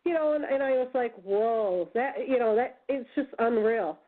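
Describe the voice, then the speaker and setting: A high-pitched woman tells her stories over a tinny phone line. She talks casually and with animation, slipping into the voices of the people she is quoting. She is from the United States. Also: normal speed. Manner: animated storyteller, acts out quoted voices. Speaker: guest. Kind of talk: casual storytelling on a call-in radio show.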